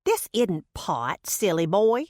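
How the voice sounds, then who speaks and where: A woman's voice: medium pitch, very animated, slow, darkish tone, no room sound. A woman voicing a folksy old grandmother who swears by herbal remedies, with homespun phrasing, in a dry close recording. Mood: insistent.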